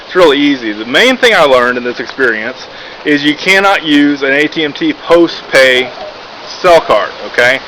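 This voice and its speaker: A man's voice: a little high, lively intonation, moderate pace, bright, forceful tone, poor audio. A man from Texas giving a casual, rambling product review, full of "uh" and "basically", with lots of restarts. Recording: background noise.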